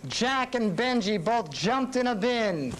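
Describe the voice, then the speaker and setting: Male music teacher reading a children's rhyme, slow, very lively pitch. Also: heavy background noise. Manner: sing-song rhyming, slow. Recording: reading with instruments playing.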